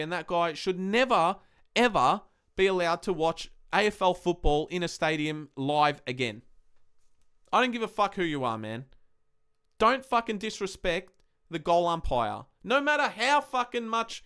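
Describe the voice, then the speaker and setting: A man's voice: high-pitched, bright, forceful tone, smooth. Sweary Australian man ranting about footy. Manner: heated, sweary, ranting fan commentary. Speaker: podcast host. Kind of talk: casual live-stream match review.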